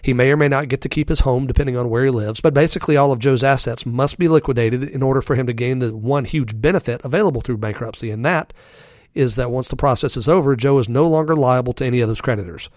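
A man hosting a scripted finance podcast, his voice raspy from a respiratory illness, speaking directly and emphatically to his listeners. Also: medium pitch, fast, a little mellow, no room sound, clean studio sound. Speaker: podcast host.

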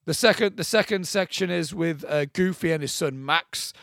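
A man's voice: on the high side, moderate pace, creaky, a bit bright, dry recording, studio quality. A young man, co-hosting a podcast and chatting animatedly with lots of fillers. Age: young adult. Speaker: podcast co-host. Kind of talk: casual chat.

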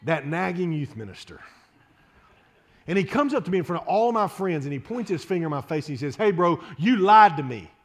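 An impassioned preacher in his late thirties, voice pitched a touch high. He pleads and repeats himself, stumbling over restarts as his sermon builds. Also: big pitch swings, fairly quick. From Louisiana, USA. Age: 30s. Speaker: pastor.

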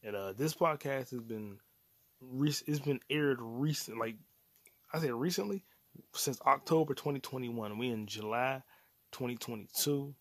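A man's voice: mid-range voice, unhurried, fairly bright tone, no echo. A man in his late twenties hosting his own podcast alone, rambling casually in a loose, profane, slang-heavy way. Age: 20s. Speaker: podcast host. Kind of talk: casual solo podcast rant.

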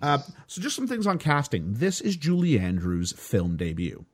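A North American man hosting a casual film podcast, chatty and quick to laugh. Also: mid-range voice. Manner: chatty, animated, laughs often. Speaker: podcast host.

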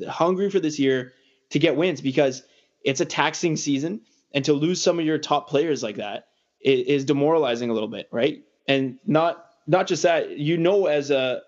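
A man with a slightly raised voice hosts a casual sports podcast. He rambles and cracks jokes with animated energy. The sound is dull and lo-fi. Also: a little high. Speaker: podcast host.

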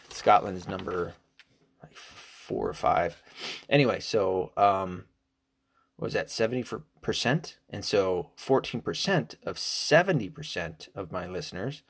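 Rambling, profane middle-aged man, low voice. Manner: rambling, profane, jumps to loud mocking quotes. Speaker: podcast host. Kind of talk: casual solo commentary.

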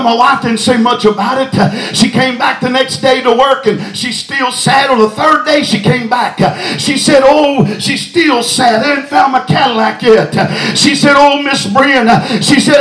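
A man preaching at full volume in a very high, strained voice. Every phrase comes with an "uh" and a hallelujah. His voice rings through an echoey church with music playing behind him. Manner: shouting preacher with frequent "uh" and hallelujahs. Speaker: pastor. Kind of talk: sermon.

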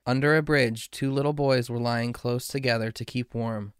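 Guy reading a fairy tale slowly, crisp voice, medium pitch. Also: steady tone, no room sound, clean studio sound. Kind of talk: storybook reading.

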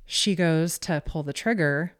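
Casual guest, woman, deep voice, chatty storyteller with many fillers. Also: unhurried. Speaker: podcast guest.

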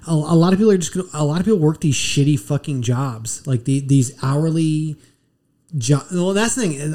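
A man's voice: mid-range voice, warm tone. A tired man co-hosting a podcast, ranting bluntly and swearing often in casual chat. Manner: profane, blunt rants with restarts. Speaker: podcast co-host.

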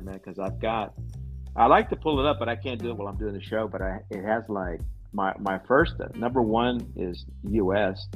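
A man hosting a casual podcast chat, rambling with lots of fillers. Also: lowish voice. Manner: rambling, laid-back, frequent fillers. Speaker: podcast host.

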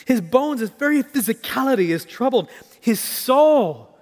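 High-voiced preacher in a reverberant hall. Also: male voice, a little slow. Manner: expressive preaching, rising for emphasis and dropping to near hush. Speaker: pastor. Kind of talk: sermon. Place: church sanctuary.

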